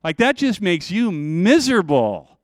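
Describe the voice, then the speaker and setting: A middle-aged man preaches in an easy, conversational way, now and then dropping into soft, acted-out prayers. His voice sits high and comes across smooth and resonant. The recording is dry and close. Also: big pitch swings, unhurried, no echo. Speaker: pastor. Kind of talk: sermon.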